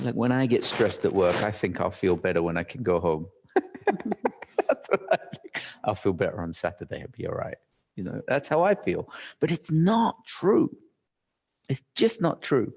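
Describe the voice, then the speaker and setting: A man's voice: mid-range voice, a little mellow. A man giving a live talk, telling a story animatedly and acting out his own thoughts, with frequent restarts. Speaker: workshop speaker.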